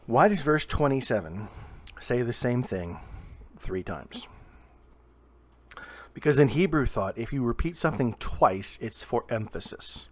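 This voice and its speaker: A young man from Southern Ohio giving a short video sermon to camera, earnest and emphatic, slowing down and pausing to stress key words. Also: medium pitch, animated. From Southern Ohio, USA. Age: young adult. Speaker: preacher.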